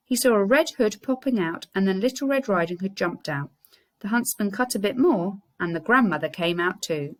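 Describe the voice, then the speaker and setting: Animated woman reading a story to children. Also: fairly low pitch. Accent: English. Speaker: primary school teacher. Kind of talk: reading a story aloud to a class.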